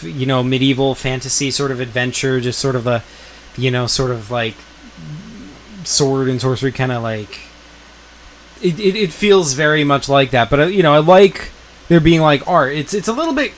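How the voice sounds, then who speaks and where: A man with a slightly high voice hosts a casual live stream, rambling, restarting and filling gaps with ums. A faint hum runs behind him. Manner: rambling, filler-heavy, enthusiastic. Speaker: streamer host.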